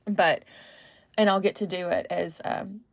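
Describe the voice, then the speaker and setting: In a casual solo podcast monologue, a woman host wanders from thought to thought, filling in with fillers and correcting herself. Her fairly low, creaky voice stays steady and unhurried, recorded without echo.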